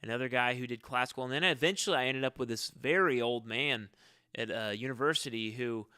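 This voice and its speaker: Bright, crisp-voiced man rambling. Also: medium pitch, no room sound, studio quality. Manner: rambling, halting, often restarts sentences. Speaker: musician answering fan questions. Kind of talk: casual live-stream Q&A.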